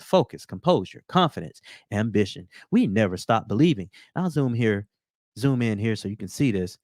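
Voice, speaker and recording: A man's voice: mid-range voice, no room sound, studio quality. A man with a Southern US accent hosting a crypto news show, chatting casually to viewers while showing photos. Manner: animated, chatty, addresses viewers as guys. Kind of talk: casual commentary over on-screen photos.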